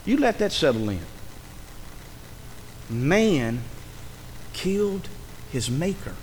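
A man preaching a sermon, dramatic, dropping to a hush and rising to a shout. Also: a little high, very animated, slow pace, long reverb tail, a little hiss or hum.

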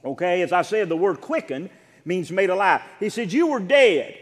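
A male pastor preaches with a high, ringing voice, stretching out key words and rising to shouts. He calls questions out to his congregation, and the sound carries the long reverb of a large church hall. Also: sing-song, normal speed. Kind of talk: sermon.

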